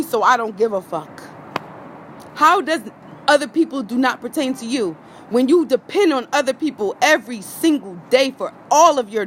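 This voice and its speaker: A woman's voice: high voice, a bit bright, slight background noise. A woman ranting on a phone livestream outdoors, heated and profane, hammering her points with repetition. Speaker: vlogger going live. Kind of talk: impassioned live-stream rant.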